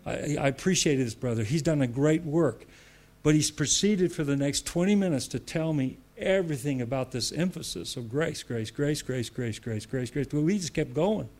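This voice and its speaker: A man's voice: on the high side, normal speed, few pauses, a little mellow. A man preaching a sermon with emphatic repetition, laughing between points.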